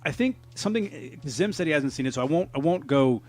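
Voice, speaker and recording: A man co-hosts a podcast, chatting casually and profanely and laughing often. His voice sits on the high side, animated and fairly quick.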